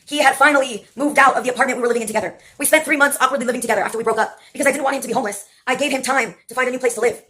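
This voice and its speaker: A woman, likely in her twenties, telling wry personal stories in a rambling vlog monologue full of filler pauses. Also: high voice, fairly even intonation, fairly bright tone, slight background noise. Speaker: vlogger. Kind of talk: casual storytelling monologue.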